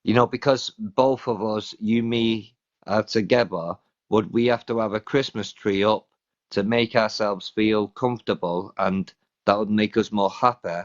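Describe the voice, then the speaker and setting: A man's voice: lowish voice, fairly even intonation, measured pace. A British man hosting a live stream, chatting casually and hesitantly, often restarting his sentences. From Britain. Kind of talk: casual chat. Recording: dull lo-fi live stream audio.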